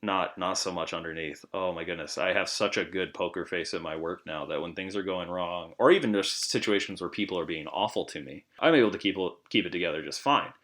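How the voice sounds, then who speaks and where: A man in healthcare telling stories in a casual podcast chat, chatty and animated. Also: sits low, a little fast, few pauses. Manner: chatty, animated storytelling with laughs. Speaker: podcast co-host, medical professional.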